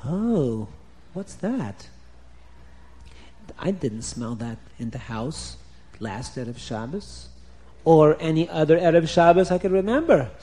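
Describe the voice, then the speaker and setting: A man's voice: a little high, animated, slow, pauses often, dark tone, slight background noise. A man voicing a hungry, bumbling husband who muses eagerly to himself in a storybook tale. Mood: curious. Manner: eager, sniffing, rambling musings.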